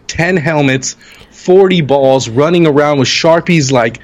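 A man co-hosting a sports podcast, telling lively anecdotes and acting out quotes in raised voices. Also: unhurried. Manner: animated storyteller, acts out quotes in higher voices. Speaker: podcast co-host. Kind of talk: casual sports chat.

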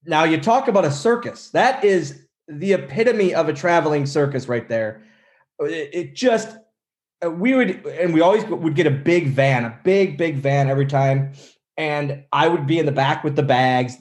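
A man telling lively road stories. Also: a little high, normal speed. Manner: animated storyteller, acts out quotes. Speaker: guest, former wrestler. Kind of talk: casual interview storytelling.

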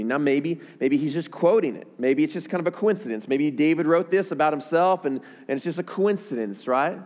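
A man preaching a sermon, often repeating words and rising in pitch and volume as he presses a point. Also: brisk, hardly any pauses, darkish tone, in a large hall. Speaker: pastor.

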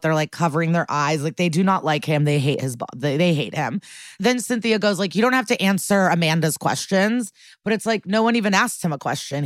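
A woman's voice: low voice, no room sound, clean studio sound. A woman podcast co-host recapping a TV episode in a chatty, blunt way, with lots of fillers and casual swearing.

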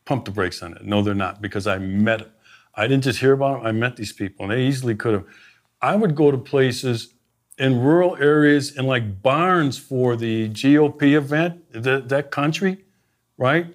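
A man's voice: medium pitch, moderate pace. A man, a former sheriff, telling stories in a conversational interview and acting out what he and others said. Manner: animated anecdotes, quoting himself and others. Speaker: podcast guest, former sheriff.

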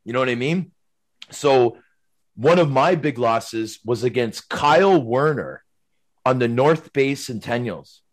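Brief: middle-aged male guest, chatty storyteller, meandering and lively. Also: mid-range voice, a little slow. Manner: rambling, animated, tag questions like "right?" and "man". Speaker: guest, former hockey player. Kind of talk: casual storytelling.

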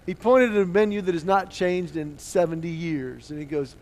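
Animated preacher man telling a story. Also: high voice, fairly quick, few pauses. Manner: swings from hushed to loud, acting out dialogue. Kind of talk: sermon storytelling.

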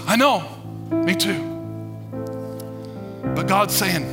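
A male pastor preaching a sermon to a congregation, emphatic and animated, laughing as he goes. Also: very high voice, moderate pace, over music.

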